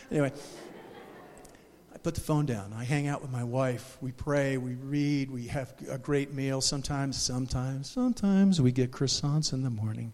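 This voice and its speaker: Animated man preaching in an echoey church. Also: fairly high pitch. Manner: animated, emotional preaching with restarts and sudden loud bursts. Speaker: pastor. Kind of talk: sermon. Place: church sanctuary.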